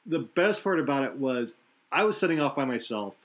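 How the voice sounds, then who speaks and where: A man's voice: medium pitch, sing-song, a little fast, a bit bright. A man hosting a podcast, chatting casually in long rambling runs that restart and correct themselves. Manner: rambling, self-correcting analysis. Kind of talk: casual wrestling chat.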